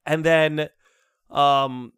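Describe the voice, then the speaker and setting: A young man with a notably high voice hosts a casual podcast. He spins a story with animated, expressive energy. The sound is dry and close. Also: very slow, clear, resonant tone, dry recording. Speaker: podcast host.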